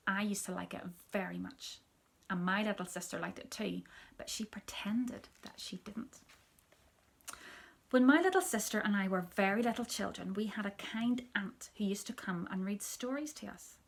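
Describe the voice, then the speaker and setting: A woman, a teacher, reading a children's story aloud in a soft, hushed storytelling manner that often drops near a whisper. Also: mid-range voice, gravelly, husky.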